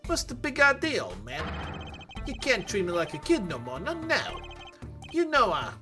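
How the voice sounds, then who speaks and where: Streamer putting on a swaggering punk kid voice, slangy and tough, lively pitch jumps. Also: normal speed, music in the background. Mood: defiant. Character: cocky young male street punk, brash.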